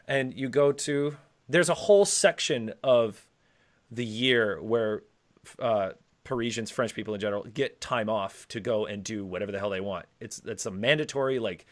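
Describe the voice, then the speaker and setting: A man's voice: medium pitch, moderate pace. A man with an ordinary mid-range voice chats loosely as co-host. He rambles, restarts his sentences, and drops casual swear words as he gets going. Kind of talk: casual podcast chat.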